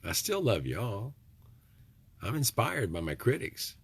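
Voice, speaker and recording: A man's voice: lowish voice, huge pitch swings, slow, vocal fry, slightly rough, no room sound. A middle-aged man, rambling in a folksy, preachy vlog monologue with joking asides. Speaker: vlogger.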